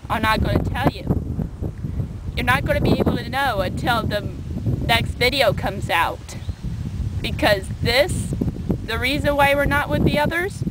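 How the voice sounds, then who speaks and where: A young woman with a fairly high voice vlogs from a small boat on a lake, chatting her way through a rambling rant into a handheld camera. There's heavy background noise throughout this casual video.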